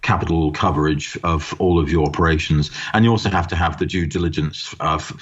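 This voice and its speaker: A very deep-voiced man answering interview questions as a guest author. He explains step by step and stumbles over repeated words as he starts. The audio is dull and lo-fi. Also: fairly even intonation, fairly quick, husky.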